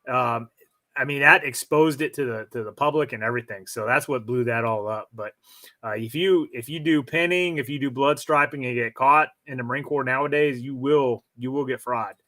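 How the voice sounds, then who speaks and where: A man in his forties telling a personal story on a live stream, speaking frankly and pausing to restart his thoughts. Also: medium pitch, sharp tone. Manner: measured, frank, with frequent restarts and fillers. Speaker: stream guest. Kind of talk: casual storytelling.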